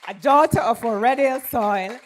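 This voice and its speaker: A woman's voice: a little high, moderate pace, slight background noise. Woman emcee with a formal, ceremonious manner. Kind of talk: formal introduction of a speaker.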